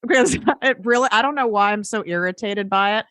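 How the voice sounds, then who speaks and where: A woman hosting a podcast, with a bright, sharp voice recorded dry and close. She talks in a chatty way and laughs easily. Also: medium pitch, brisk, no room sound. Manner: chatty, giggly. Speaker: podcast host. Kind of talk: casual podcast interview.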